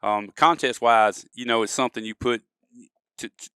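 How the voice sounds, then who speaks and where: A duck-calling expert appears as a guest on a podcast, chatting casually, spinning folksy stories and acting out his examples. His voice is mid-range and fairly bright, delivered at a moderate pace. The sound is clean, echo-free, and studio quality through a studio podcast mic.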